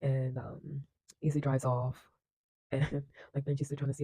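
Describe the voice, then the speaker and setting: Husky-voiced man recapping a film. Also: medium pitch, flat delivery, moderate pace, warm tone, dry recording, low-quality recording. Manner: loose and chatty, many fillers, laughs while retelling; acts out characters' lines with bursts of energy. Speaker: film reviewer.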